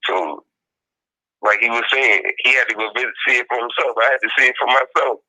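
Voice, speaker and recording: A man talking through a clip in loose, casual commentary, his voice very bright and forceful. He keeps coming back to the same points and mimics what he quotes. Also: mid-range voice, fairly even intonation, fairly quick, low-quality recording. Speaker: podcast co-host.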